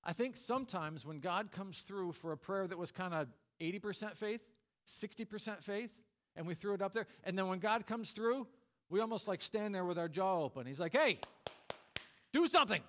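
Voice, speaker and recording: Middle-aged male pastor, high voice, humorous sermon with acted-out character voices. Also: normal speed.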